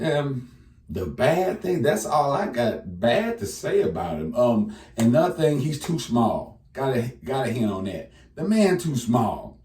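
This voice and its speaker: A man's voice: mid-range voice, a little mellow, distant mic. Chatty man in an echoey room. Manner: casual, chatty, talks straight to the viewer. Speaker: sports commentator. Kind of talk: casual sports reaction monologue.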